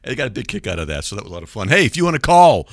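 A man's voice: on the low side, sing-song, very fast. A man hosting a casual radio call-in show, joking and laughing at himself as he talks to listeners from the studio. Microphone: studio microphone.

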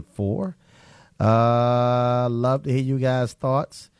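A male talk radio host speaks slowly and easily between calls, reading off the call-in number at a leisurely pace. His voice sounds dry and close, with no room around it. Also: medium pitch, smooth, no echo. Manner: relaxed, drawling, reads out the call-in number.

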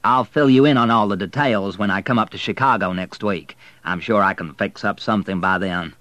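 A man's voice: lowish voice, a little fast, a bit bright, no room sound, lightly acted. A man voicing a middle-aged Texan hotel owner, with a Texan accent and a preoccupied, unconvincingly reassuring manner.

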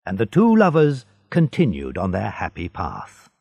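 Man, storybook narration, lively pitch, husky, dry close sound. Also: moderate pace, no room sound. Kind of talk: storybook reading.

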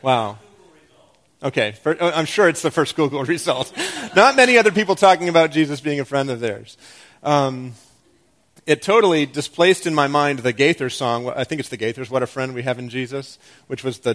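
A man preaching a sermon as a pastor, with an animated, self-deprecating delivery that moves between loud excitement and quiet emphasis. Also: medium pitch.

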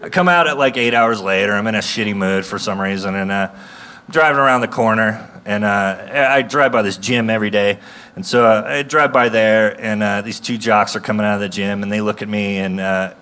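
A man's voice: fairly low pitch, fairly quick, pushed and bright. A man in his thirties telling a stand-up comedy story with a ranting delivery that breaks into bursts of mock rage. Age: 30s.

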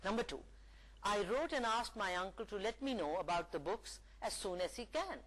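A woman lecturer giving a recorded English lesson, reading example sentences aloud in a slow, deliberate way. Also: mid-range voice, lively intonation, fairly bright tone, rough recording. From Pakistan.

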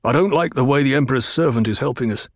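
A man's voice: medium pitch, fast, dry recording, clean studio sound, natural voice. A man voicing a cruel, domineering, gluttonous baron who snaps impatiently at his underlings. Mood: scolding.

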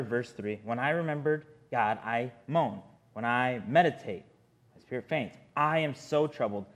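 A man preaching a sermon in an earnest, conversational way, often speaking straight to his listeners. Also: mid-range voice.

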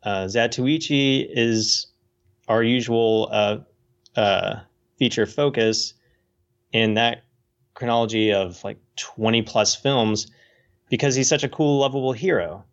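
A man co-hosting a casual podcast about films, explaining in a rambling, hesitant way with many pauses. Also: medium pitch, fairly even intonation, highs cut off. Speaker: podcast co-host.

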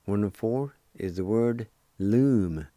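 Deep, slow-spoken man teaching on radio. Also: dark tone, no echo, clean studio sound. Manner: patient, spells words out letter by letter. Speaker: radio language teacher and host. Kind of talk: radio language lesson.

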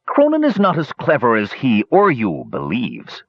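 A man's voice: medium pitch, huge pitch swings, moderate pace, no room sound. A man voicing a scornful, impatient male hobgoblin lord in a dull lo-fi recording. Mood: gloating. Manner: scornful, commanding.

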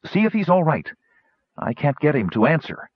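A man voicing a bold, commanding young woman warrior who gives orders in brash shouts. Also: a little high, big pitch swings, moderate pace, breathy edge, no echo, pitched above the performer's own voice. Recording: dull lo-fi audiobook recording.

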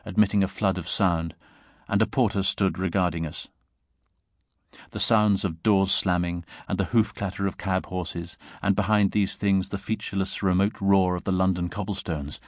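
Deep-voiced man reading a story aloud. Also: no echo, studio quality. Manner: measured, steady storytelling delivery. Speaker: reader. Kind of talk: scripted narration of a short story.

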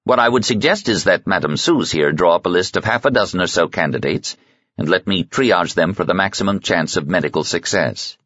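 A male narrator voicing an experienced male doctor who speaks in a measured, professional way, with a husky voice. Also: low-pitched, expressive, fairly bright tone, dry recording, exaggerated voice. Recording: slightly muffled sound.

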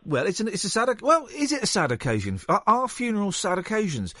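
A man's voice: sits high, wildly swooping pitch, fast, fairly bright tone, no echo, studio quality. Playful rambling male radio host. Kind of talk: casual radio chat. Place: radio studio.

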